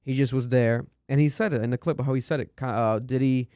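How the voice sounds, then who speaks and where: A man talks loosely on a podcast, heavy with fillers and the odd curse. His voice sounds smooth and clear, picked up dry and close on a studio mic. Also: medium pitch, steady tone, fast, warm tone, no room sound. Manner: loose and chatty, curses often, many fillers. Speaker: podcast host. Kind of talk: casual podcast chat.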